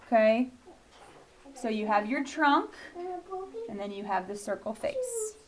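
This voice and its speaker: Patient teacher woman, higher voice. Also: big pitch swings, slow, a crowd in the background. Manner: patient, checks in with "okay?" and "right?". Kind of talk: classroom video lesson.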